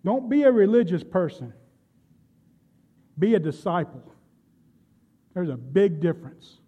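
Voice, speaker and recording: A man preaching with a high, light voice, retelling scripture as a story and turning to question his listeners. The recording is dull and lo-fi. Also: very animated, measured pace, breathy edge. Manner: storytelling preacher, addresses congregation directly. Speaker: pastor. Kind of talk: sermon.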